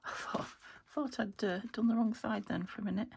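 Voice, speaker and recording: A British woman crafting a journal, talking to herself as she works and often trailing into soft half-whispers. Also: medium pitch, fairly even intonation, a little fast, gravelly, slight background noise. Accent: British English. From United Kingdom. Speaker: craft channel host. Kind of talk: casual crafting commentary.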